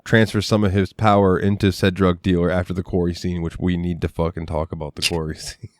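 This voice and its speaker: A man co-hosting a podcast, chatting about a film in an animated way, laughing often and swearing freely. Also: sits low, a little fast, no room sound. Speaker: podcast co-host. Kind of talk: casual chat about a film.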